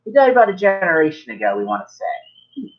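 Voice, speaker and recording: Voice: mid-range voice, huge pitch swings, brisk, slightly rough, dull audio, voice pushed up. Someone doing a chatty pirate barkeep. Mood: persuasive. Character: squid-hatted male pirate barkeep, friendly and scheming.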